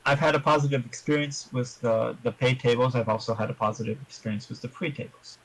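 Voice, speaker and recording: A man answering interview questions about his tabletop game in a measured, explanatory way, giving advice to other players. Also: medium pitch, steady tone, fairly bright tone, poor audio.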